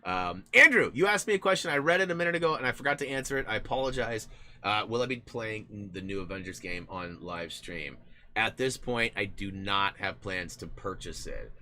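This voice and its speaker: A man's voice: lowish voice, fairly quick. Rambling man chatting on a livestream. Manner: rambling, animated, lots of restarts and fillers. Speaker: streamer. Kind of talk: casual live-stream chat.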